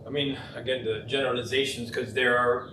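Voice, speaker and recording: Male coach on a podcast, measured and reflective, roomy sound, faint hiss. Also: medium pitch, little pitch movement. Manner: measured, reflective, often checks in with "right?". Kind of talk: casual podcast conversation.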